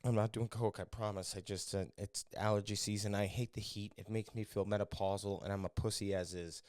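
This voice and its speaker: A fairly quick, low-leaning voice with little pitch movement and a smooth, darkish tone belongs to a comedian hosting his own podcast. He rambles crudely in a casual monologue, mocking himself between voicemails, recorded cleanly on a studio podcast mic with no room sound.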